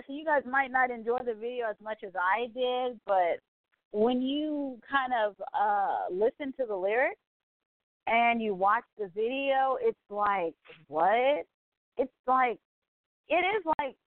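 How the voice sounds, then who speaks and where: Excitable woman in her forties, phone-like sound. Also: fairly high pitch, a little slow, dry recording. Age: 40s. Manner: excitable and gushing, frequent exclamations. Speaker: podcast host. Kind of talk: casual chat. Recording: tinny phone-like line, dry.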